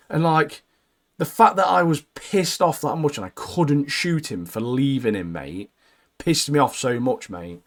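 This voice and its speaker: A young man co-hosting a casual gaming podcast, bluntly giving his opinions and saying "mate" constantly. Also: a little high. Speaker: podcast co-host.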